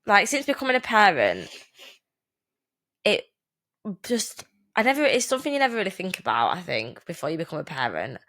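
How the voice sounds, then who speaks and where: A woman, co-hosting a casual podcast chat, blunt and sweary and quick to laugh. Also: fairly low pitch, sing-song, fairly bright tone. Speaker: podcast co-host.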